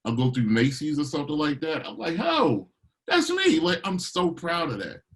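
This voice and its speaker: Animated, storytelling middle-aged man. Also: fairly high pitch, a little fast, low-quality recording. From Baltimore. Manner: animated storyteller, acts out quotes. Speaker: interview guest, DJ and producer. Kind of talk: casual interview chat.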